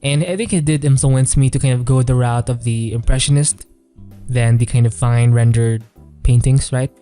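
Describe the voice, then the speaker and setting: Over soft background music, a man with a clear, resonant, medium-pitched voice talks at a moderate pace while reviewing artwork. He's an artist giving relaxed, rambling remarks that lean heavily on fillers, hedging phrases, and "kind of."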